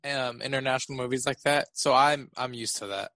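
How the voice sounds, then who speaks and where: A man's voice: mid-range voice, fairly even intonation, a little fast, bright, forceful tone, dry recording. A man co-hosting a podcast, easygoing and a little hesitant in casual chat over a remote call. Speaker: podcast co-host. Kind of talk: casual movie-review chat.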